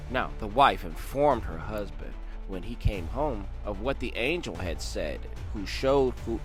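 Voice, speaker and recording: A man hosting a read-along who jumps between reading an old text and excited, slangy commentary. His pitch swings widely as he talks, and faint music plays underneath him. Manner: animated, slangy asides, repeats "man" and "boy".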